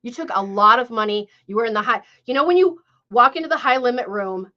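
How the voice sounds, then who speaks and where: A woman's voice: on the high side, fast talker, pushed and bright. A woman hosting a live stream, chatting casually and hesitantly with many fillers. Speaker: livestream host. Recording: muffled lo-fi stream audio.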